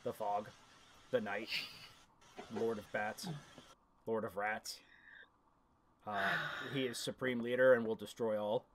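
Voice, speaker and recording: A man's voice: lowish voice, flat delivery, takes it slowly, pauses often, background noise, pitched below the performer's own voice. A man voicing a cowed male goblin captive who stammers and whines, playing a tabletop game. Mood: fearful. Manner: stammering, whining.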